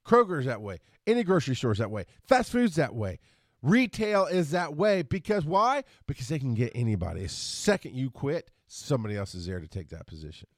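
Man, solo podcast host, profane frustrated rant, bursts of speed, very animated pitch, dry close mic. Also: no room sound. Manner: frustrated, profane, talks fast then slows down.

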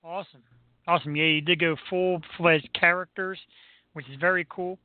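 Male co-host from Philadelphia, laid-back, high-pitched, dry thin phone-quality audio. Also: moderate pace, no room sound. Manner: relaxed, lots of "uh" and "um" fillers. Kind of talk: casual chat. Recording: tinny phone-like line, dry.

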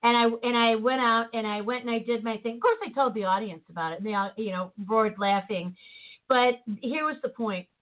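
A woman hosting a podcast in casual chat, telling a story in a lively way and acting out the voices of the people in it. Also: on the high side, fairly quick. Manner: animated storyteller, acts out quoted voices. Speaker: podcast host. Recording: tinny phone-like line.

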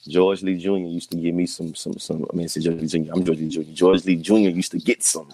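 A young man with a very low voice and a gravelly edge. He co-hosts a casual talk show and tells stories in a relaxed, slang-heavy way, often tossing in "you know what I'm saying.". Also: fast talker, low-quality recording. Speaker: podcast co-host. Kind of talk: casual chat.

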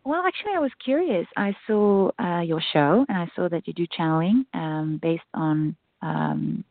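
A woman from South Africa with a softened South African accent, calling in to a radio show, soft-spoken and hesitant. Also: on the low side, normal speed, gravelly, no room sound. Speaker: caller. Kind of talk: call-in radio chat. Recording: dry, tinny phone line.

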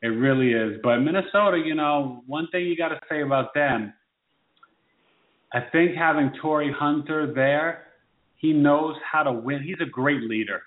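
A man co-hosting a casual sports chat, animated and teasing, quick to exclaim. His voice comes through thin and phone-like. It also rings in a roomy, echoey space. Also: fairly high pitch. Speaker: sports talk show co-host. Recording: phone-like tinny echoey sound.

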